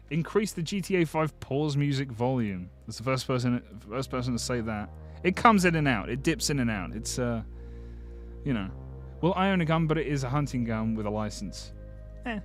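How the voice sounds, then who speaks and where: A man streaming live, chatting casually with viewers in a blunt, sardonic way and swearing freely. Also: mid-range voice.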